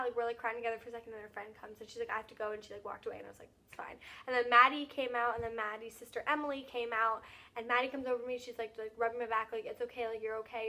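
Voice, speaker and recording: A young woman telling a story to camera in a casual vlog, rushing through it with lots of "like". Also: a little high, a bit bright. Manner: rapid, filler-heavy retelling with lots of "like". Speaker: vlogger.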